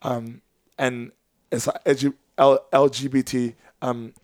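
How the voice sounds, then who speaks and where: Brief: male podcast guest, mid-pitched, earnest and rambling, very dry close-miked sound. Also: little pitch movement, unhurried, a little mellow, no room sound. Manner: earnest, rambling with many fillers and restarts. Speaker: professional dancer and choreographer, guest. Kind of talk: casual podcast chat.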